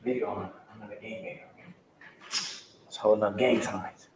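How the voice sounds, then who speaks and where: A man's voice: lowish voice, steady tone, unhurried, noisy background. A man appearing as a guest artist, chatting casually and jokingly on a podcast, sometimes chanting lines. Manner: playful, joking, chanting bits. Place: creative studio space on location. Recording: roomy echo.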